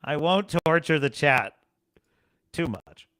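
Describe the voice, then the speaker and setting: A man hosting a livestream show, chatting casually in a rambling, animated way and laughing often. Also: fairly high pitch, takes it slowly.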